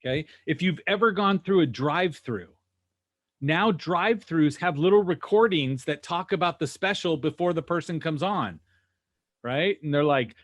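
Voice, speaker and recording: Male sales trainer, fairly high voice, punchy and rhetorical, talking over a video call. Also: moderate pace. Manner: energetic, rhetorical, keeps asking "right?" and "okay?". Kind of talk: animated teaching on a video call.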